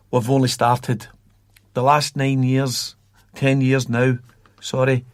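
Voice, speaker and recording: Scottish male podcast guest, rambling storyteller, even tone, close dry mic. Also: medium pitch, dry recording. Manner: rambling, repeats words while recalling. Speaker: guest from a youth football academy.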